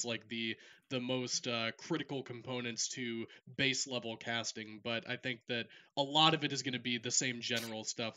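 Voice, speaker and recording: Bright-voiced man giving direct advice. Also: medium pitch, muffled recording. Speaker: esports caster. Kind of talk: casual podcast talk.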